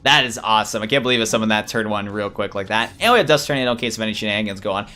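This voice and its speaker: A young man giving excited, rambling let's play commentary while he plays. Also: on the low side, racing, soft background music. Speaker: gaming YouTuber.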